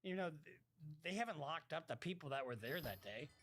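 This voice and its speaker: A man with a somewhat high voice doing casual live-stream commentary, reacting to viewer messages as they come in. He talks bluntly, curses freely, and his sentences keep breaking off and starting over. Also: lively intonation, a little fast, creaky, a bit bright. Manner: blunt, swears freely, talks in fits and restarts.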